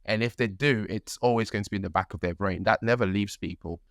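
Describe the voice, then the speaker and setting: A man's voice: lowish voice, fast talker, fairly bright tone, no room sound, clean studio sound. A young man, co-hosting a podcast, who talks earnestly and rambles, often tagging his points with "right?" and "like". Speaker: podcast co-host. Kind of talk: casual conversational storytelling.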